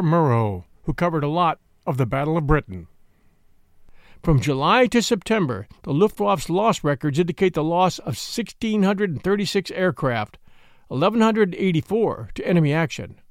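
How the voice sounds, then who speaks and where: A male history narrator with a high voice reads a script. He explains events and lists figures in a lively, swinging delivery. The recording is dry and close. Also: no echo. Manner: explanatory, reading out figures and dates. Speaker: history podcast host.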